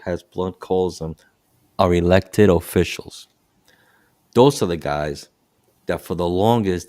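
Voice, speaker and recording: A middle-aged man with a deep, low-pitched voice hosts a casual podcast about his work as a bus operator. He tells road stories in an animated way, stumbling and restarting his sentences as he goes. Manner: animated storytelling with frequent restarts.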